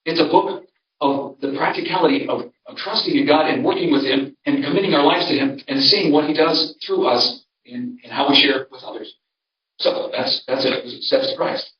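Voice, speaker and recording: Older pastor telling folksy stories. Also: male voice, fairly high pitch, moderate pace. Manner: conversational, storytelling, frequent restarts. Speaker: pastor giving a seminar. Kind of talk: folksy seminar talk. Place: church hall. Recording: roomy, distant, dull sound.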